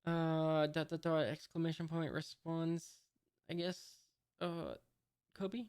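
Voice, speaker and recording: A reader casually reading a comic aloud, hesitant with many "uh"s, even reading out the punctuation marks. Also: mid-range voice, slow pace, clean tone. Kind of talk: casual read-aloud commentary.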